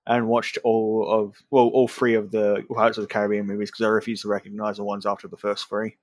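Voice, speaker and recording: A man's voice: lowish voice, monotone, a little fast, dry recording. A man co-hosting a casual podcast, tired and self-deprecating. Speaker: podcast co-host. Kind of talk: casual chat.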